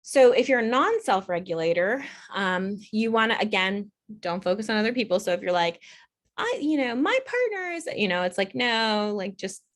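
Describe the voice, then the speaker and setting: Middle-aged woman host, holistic doctor, loose conversational delivery with fillers, average pitch. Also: moderate pace, few pauses. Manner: conversational, many fillers, animated when re-enacting herself. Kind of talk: casual educational talk.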